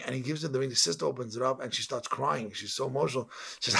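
A man's voice: mid-range voice, rapid-fire, creaky, pushed and bright, breathy edge. A man delivering an inspirational sermon, telling an emotional story and sprinkling in Hebrew and Yiddish terms.

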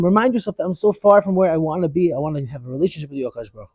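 A man giving a Torah lesson, a digressive and animated storyteller. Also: fairly high pitch, very fast, dry recording. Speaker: Torah teacher.

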